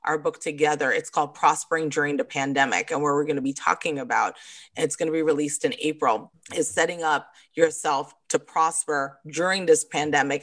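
Low-voiced, emphatic woman guest from New York. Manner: lively storyteller, acts out quoted dialogue with laughs. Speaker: podcast guest, author and book coach. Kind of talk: casual interview chat.

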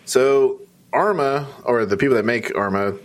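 A man's voice: mid-range voice, normal speed. Rambling man chatting about games. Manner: rambling, filler-heavy. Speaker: podcast co-host. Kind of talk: casual chat.

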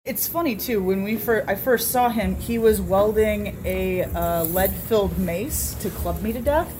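A woman's voice: mid-range voice, measured pace, background noise. A woman being interviewed, telling a story in a candid, casual way and acting out the dialogue she quotes.

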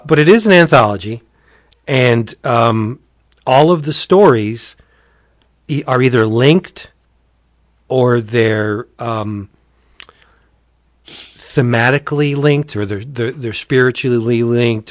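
A man's voice: mid-range voice, slow pace, pauses often, no room sound, clean studio sound. A man chatting casually as a podcast host, eagerly retelling a comic story with swearing and energy. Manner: animated, enthusiastic, profane storyteller.

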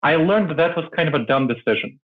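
A man's voice: a little high, lively intonation, fast. A man from Moldova, explaining ideas as a guest in an interview, often adding "right?". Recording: phone-like line.

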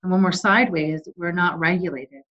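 A woman calmly and earnestly explaining ideas as a guest in an interview. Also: fairly low pitch, normal speed, lo-fi sound. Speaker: guest expert. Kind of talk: conversational interview.

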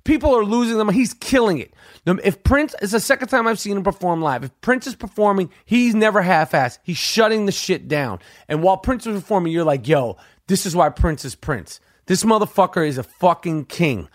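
A fairly high-voiced middle-aged man tells a wild story with heavy profanity, repeating phrases as he builds excitement. The recording is dry and close, with no room sound. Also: no room sound. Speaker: podcast host. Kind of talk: casual storytelling monologue.

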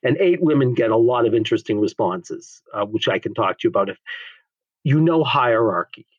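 Husky man teaching emphatically. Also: mid-range voice, animated, a little fast, no room sound, muffled recording. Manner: emphatic, frank, swears, acts out quotes. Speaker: Enneagram teacher. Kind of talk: conversational teaching.

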